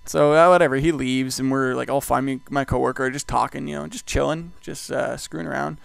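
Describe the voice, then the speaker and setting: A man's voice: medium pitch, steady tone, brisk, creaky, clear, resonant tone, no echo. A young man, rambling through a profane anecdote full of "like". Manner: rambling, profane, heavy use of "like". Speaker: vlogger host. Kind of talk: casual storytelling.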